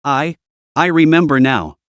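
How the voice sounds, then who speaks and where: A man's voice: on the high side, lively intonation, a little slow, fairly bright tone, clean tone, no room sound, clean studio sound. A man voicing a beaten-down male thug who stammers and mutters grudging apologies. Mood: cowed.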